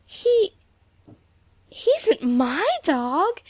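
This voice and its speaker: A woman putting on a proud young girl with a high, bright voice, haughty and cool until she stammers in a fluster. The storybook reading sounds dry and close. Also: very animated, normal speed, no echo, heavily acted. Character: proud, prickly teenage girl reporter.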